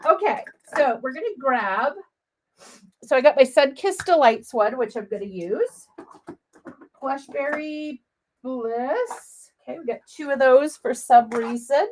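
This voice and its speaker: A middle-aged woman leads a live crafting demo from her home craft room. Her voice sits a bit high and swoops all over as she chats on, bubbly and sniffly with a slight cough. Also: lively intonation, unhurried, slight background noise. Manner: chatty, bubbly and talkative. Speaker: papercraft demonstrator.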